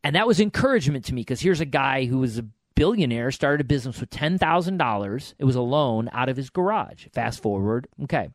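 A man's voice: mid-range voice, animated, a little fast, hardly any pauses, dry recording. A middle-aged man co-hosting a podcast, telling stories and giving encouraging advice in a casual way with frequent restarts.

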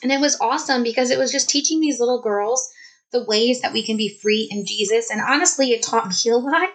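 A woman, telling a personal story in a casual, animated vlog style. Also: on the high side, fairly quick, rough recording. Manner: chatty, animated, many "like"s. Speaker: vlogger.

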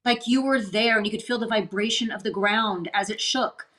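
A woman's voice: a little high, moderate pace, a bit bright. A woman co-hosting a casual film review chat, reacting in a chatty, exclamatory way. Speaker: co-host.

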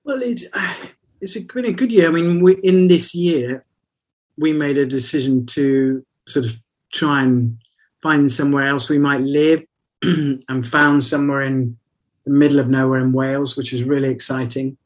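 A man's voice: medium pitch, fairly even intonation, normal speed. A man in casual conversation, telling rambling, reflective stories. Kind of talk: casual chat.

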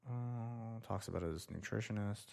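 A young man with a notably deep, low voice hosts a casual solo show. He rambles loosely, muttering to himself as he reads through each item. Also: moderate pace, gravelly, darkish tone. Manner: loose, rambling, talks to himself while reading. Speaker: podcast host.

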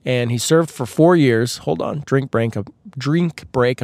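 A man hosting a podcast, telling a rambling comedic story with sarcastic asides, his voice a little husky from a tickle in his throat. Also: mid-range voice, slow, darkish tone, no room sound. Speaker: podcast host. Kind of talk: casual comedic storytelling monologue.

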